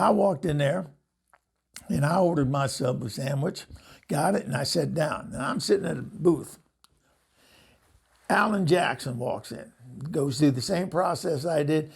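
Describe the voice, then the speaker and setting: An older man, host of the show, telling rambling stories in casual talk, often laughing and acting out what others said. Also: fairly high pitch. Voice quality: gravelly. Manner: rambling, laughs often, acts out quoted voices. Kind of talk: casual storytelling monologue.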